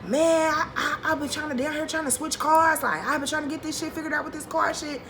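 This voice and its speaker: A woman's voice: high-pitched, fairly even intonation, fairly quick, fairly bright tone, slight background noise, pitched above the performer's own voice. A woman voicing a nonchalant young man, offhand and stammering as he makes excuses.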